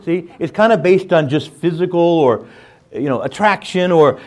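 Animated man teaching scripture. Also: on the high side, moderate pace. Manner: animated, jumps into playful voices, asks "right?". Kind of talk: lively sermon-style Bible teaching.

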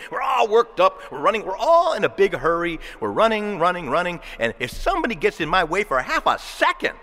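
A man preaches to his church with a slightly higher voice that leaps up and down as he acts out quoted voices. He moves between loud bursts and hushed asides. The sound carries a long reverb from a large hall. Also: big pitch swings, brisk, few pauses. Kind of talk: sermon.

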